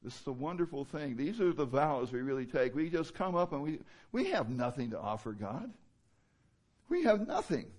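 A man's voice: a little high, big pitch swings, normal speed, darkish tone. A man preaching a sermon in a conversational way, with many fillers and rhetorical questions. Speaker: pastor.

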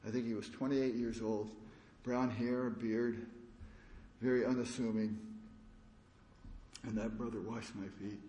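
A man giving a conference sermon, telling stories in a halting, earnest way with many restarts. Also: mid-range voice, steady tone, warm tone. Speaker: preacher. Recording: echoey room.

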